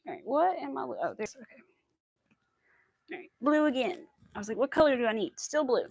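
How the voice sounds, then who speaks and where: A woman's voice: sits high, expressive, fairly quick, vocal fry, a little mellow, no room sound. A young woman hosting a crochet livestream, chatting casually and rambling through stories with quoted asides. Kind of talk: casual chat while crocheting.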